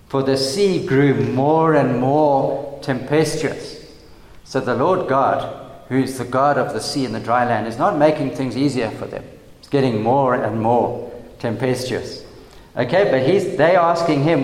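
A man preaching an expository sermon, teaching slowly and deliberately, often restarting his phrases. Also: medium pitch, darkish tone. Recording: echoey hall with long reverb.

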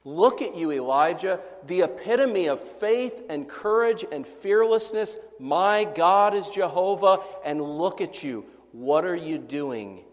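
A man's voice: fairly high pitch, big pitch swings, a little slow, hardly any pauses, a little mellow. A man preaching a sermon with fervor, repeating his questions for emphasis. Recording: long reverb of a hall.

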